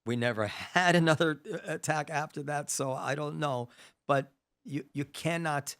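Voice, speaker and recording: Gravelly animated man hosting a chat. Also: on the high side, moderate pace. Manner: animated, thinks aloud with restarts. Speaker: podcast host. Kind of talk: casual conversational interview. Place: New York.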